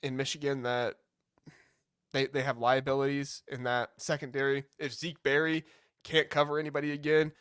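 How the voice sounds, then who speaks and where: A man's voice: medium pitch, normal speed, smooth, dry recording, clean studio sound. A man co-hosting a sports podcast, talking casually and thinking aloud with fillers. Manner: animated, reasoning aloud with fillers. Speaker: podcast co-host.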